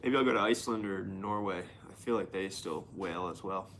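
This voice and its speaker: A man's voice: low-pitched, fairly quick, fairly bright tone, slight background noise. A man reads news headlines aloud and riffs on them as host of a casual show. He is irreverent and sarcastic, swearing freely as he comments. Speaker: podcast host reading the news.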